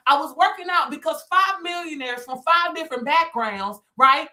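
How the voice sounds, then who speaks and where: Woman, 30s; high, bright, punchy motivational storyteller who talks straight to "y'all.". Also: normal speed. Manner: emphatic, repeats phrases, addresses listeners as y'all. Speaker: business coach and speaker. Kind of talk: motivational testimony to viewers.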